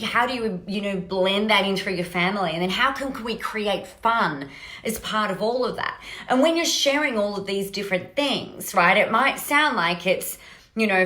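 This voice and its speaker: A woman's voice: mid-range voice, fairly bright tone. A woman hosting a solo podcast, talking energetically in a rambling, casual way and often checking in with "right?". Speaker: podcast host. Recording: roomy echo.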